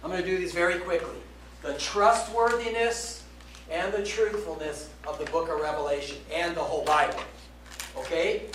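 A man preaching a sermon, emphatic, slowing down to stress key words and checking in with "okay?". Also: fairly high pitch, background noise. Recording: roomy echo, voice from a distance, faint background ambience.

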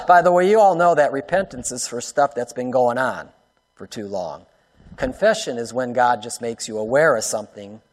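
Preaching man in a reverberant hall. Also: mid-range voice. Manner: swings between loud emphatic and hushed soft delivery; talks directly to the congregation, asks rhetorical questions. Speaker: pastor. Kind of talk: sermon.

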